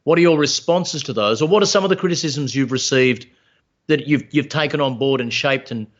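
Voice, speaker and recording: A man's voice: medium pitch, a little fast, dull audio. A man in his fifties hosting a live Q&A, reading out viewer questions in a friendly way. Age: 50s. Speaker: event host. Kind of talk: moderating a live Q&A.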